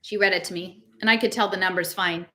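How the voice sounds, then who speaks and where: Bright-voiced woman reading a novel aloud. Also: on the low side, fairly even intonation, fast, slight background noise. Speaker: reader.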